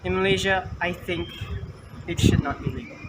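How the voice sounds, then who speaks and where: A man's voice: high voice, fairly even intonation, moderate pace, heavy background noise. A man answering an interview question outdoors, speaking hesitantly with fillers. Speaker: street interviewee.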